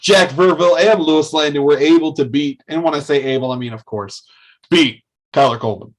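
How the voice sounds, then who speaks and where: A man's voice: fairly high pitch, brisk, poor audio. A man from Michigan co-hosting a casual podcast, cracking dry jokes. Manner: wisecracking, dry quips. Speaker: podcast co-host. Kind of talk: casual chat.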